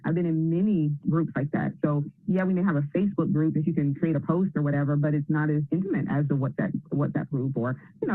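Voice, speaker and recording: A woman's voice: low-pitched, no echo. A woman joins the group video call over a thin, phone-like line with a dry, boxed-in sound. She speaks earnestly and with emphasis. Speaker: program member.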